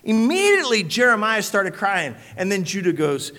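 A man preaching a sermon as pastor, swinging from hushed, quiet passages to loud shouted peaks. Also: high-pitched, sing-song, normal speed, hardly any pauses. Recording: long hall reverb.

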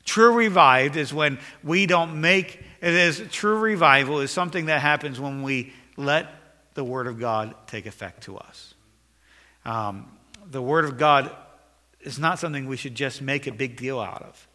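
A man's voice: mid-range voice, unhurried, pushed and bright, in a large hall. A man preaching a sermon as pastor, earnest and repeating phrases for emphasis, in a church sanctuary.

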